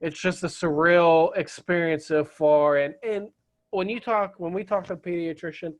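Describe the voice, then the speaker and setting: A man's voice: a little high, fairly even intonation, normal speed. A young adult man chatting casually as a podcast guest, often restarting and repeating words. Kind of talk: casual chat.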